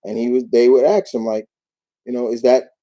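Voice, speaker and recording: A man from New York hosting a casual live Q&A, talking in a rambling, animated way with many restarts. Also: mid-range voice, a little fast, poor audio. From New York, United States. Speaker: YouTube show host.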